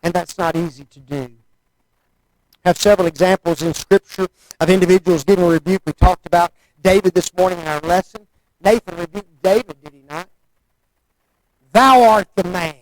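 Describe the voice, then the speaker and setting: A man's voice: high voice, steady tone, a little fast, a little mellow, rough recording. A man preaching a sermon in a folksy, conversational way, often asking the listeners rhetorical questions.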